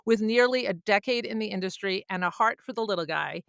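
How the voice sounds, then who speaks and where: A woman's voice: mid-range voice, brisk, gravelly, clean tone, no echo, clean studio sound. A woman hosting a podcast interview, bubbly and laughing often. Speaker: podcast host.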